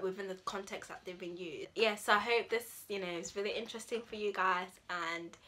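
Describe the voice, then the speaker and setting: A young UK woman who makes language vlogs chats casually to camera about slang, using lots of fillers and acting out example phrases. Her voice is on the low side, pushed and bright.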